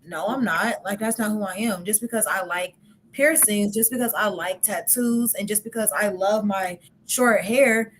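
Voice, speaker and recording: A woman's voice: medium pitch, moderate pace, a little hiss or hum. A young woman hosting a podcast in casual chat, talkative and laughing often, with many "like" fillers. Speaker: podcast host.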